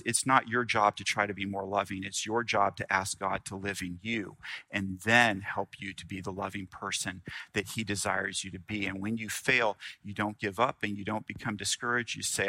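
Male pastor, sermon delivery, bright forceful tone, loud-to-hushed swings. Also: on the low side, no echo. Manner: earnest preaching, dramatic pauses, swings from loud to hushed.

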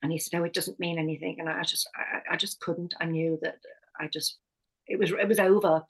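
A woman's voice: fairly low pitch, steady tone, a little fast, husky, rough recording. A middle-aged woman, a hypnotherapist and life coach, sharing a personal story as a podcast guest, speaking candidly and often restarting her sentences. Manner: candid, with frequent restarts and self-corrections.

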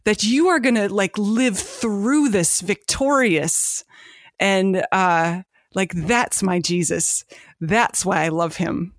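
A woman's voice: medium pitch, slow, no echo, clean studio sound. A woman co-hosting a casual faith chat, earnest and emotional, with many fillers.

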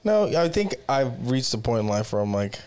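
A man trading crude, sarcastic jabs in casual podcast banter. His pitch swings widely from line to line. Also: very animated, normal speed, a little mellow, clean tone. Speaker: podcast co-host.

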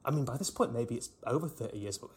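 Man, casual comedy chat, animated, does voices. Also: mid-range voice, quick pace, husky. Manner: animated, quotes characters in voices, laughs often.

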